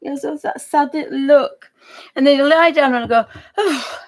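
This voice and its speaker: A woman's voice: high voice, moderate pace. A woman chatting casually and giggling as she draws live for viewers. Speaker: digital artist streamer. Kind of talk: casual chat while drawing live.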